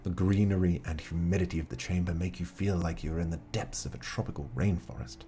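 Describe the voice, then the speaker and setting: A man's voice: low voice, fairly even intonation, a little fast, warm tone, a little hiss or hum. A man playing a solo tabletop adventure book, reading the text aloud and chatting casually with his viewers. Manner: chatty, reads game text aloud, talks to chat. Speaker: game master.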